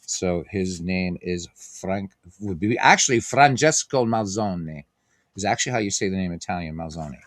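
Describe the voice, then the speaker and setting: Low-pitched man, casual play-by-play host, chatty, dry close sound. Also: normal speed, few pauses, a bit bright, no echo. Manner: chatty, many fillers, reads and answers viewer comments. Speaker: host playing a tabletop baseball game on stream. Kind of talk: casual play-by-play and chat with viewers.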